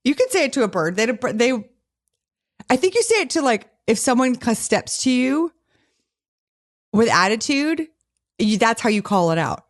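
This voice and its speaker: A woman's voice: on the high side, sing-song, normal speed, pauses often. A woman co-hosting a podcast in casual chat, playful and laughing often. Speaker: podcast co-host.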